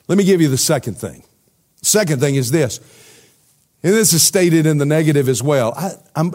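A man preaches to his congregation. His voice sits a little high, and he keeps checking in with his listeners. He explains in a relaxed, talkative way. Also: moderate pace. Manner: conversational preaching with rhetorical questions to the congregation. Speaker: pastor. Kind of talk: sermon.

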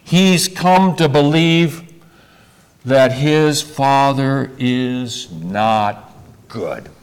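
A male preacher delivering a sermon, talking deliberately and putting rhetorical questions to his listeners. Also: medium pitch, clean tone. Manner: deliberate, rhetorical questions to the congregation, repeats words.

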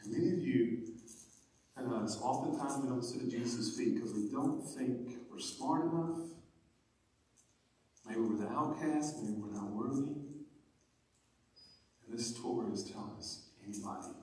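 A man preaching a sermon as pastor, animated and building to emphatic passages. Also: mid-range voice, normal speed, pauses often. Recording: echoey hall from far off.

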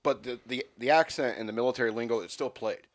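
A man on a comedy podcast telling an absurd made-up story in a deadpan, rambling way, breaking into loud rants. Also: medium pitch, quick pace, no room sound, clean studio sound.

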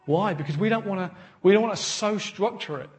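Guy preaching, fairly high voice, earnest, keeps repeating words as he builds. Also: brisk. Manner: animated storytelling with acted quotes. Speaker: pastor. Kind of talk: sermon.

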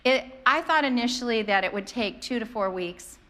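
Lively woman preaching. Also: on the high side, moderate pace. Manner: animated, conversational, acts out quoted voices. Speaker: pastor. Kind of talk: sermon with storytelling.

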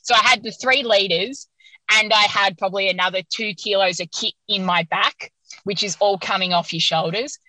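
A woman guest on an interview podcast, telling a story in an animated, casual way and laughing often. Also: mid-range voice, moderate pace, no echo, poor audio.

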